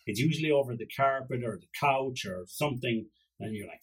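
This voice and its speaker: Man, Irish accent, husky voice, podcast host, rambling, joking, swears. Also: mid-range voice, a little fast, low-quality recording. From Ireland. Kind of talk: casual solo podcast monologue.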